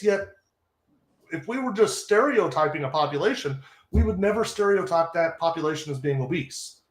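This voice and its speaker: A man's voice: high voice, echoey room. A man co-hosting a live stream, talking in an enthusiastic, rambling way. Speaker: co-host.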